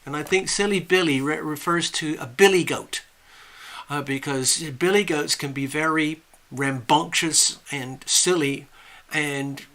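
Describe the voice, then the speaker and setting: On the high side and a little slow, this man's voice sounds pushed and bright. He's an American hosting a relaxed live stream from home, chatting warmly, reading comments, and calling out viewers by name as he gets set up.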